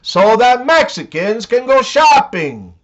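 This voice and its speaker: Slow, high-voiced male joke teller. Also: very animated. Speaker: comedian telling jokes. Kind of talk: scripted joke narration.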